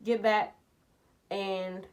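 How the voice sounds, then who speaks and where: A woman vlogger telling a personal story in a blunt, profane, animated way, jumping from loud outbursts to low muttering. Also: very slow. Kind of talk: casual storytime vlog.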